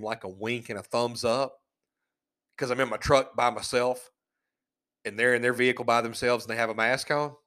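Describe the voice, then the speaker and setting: A man's voice: mid-range voice, a bit bright. A man hosting a solo podcast, talking in a sarcastic, mocking, rambling way. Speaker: podcast host. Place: living in a van.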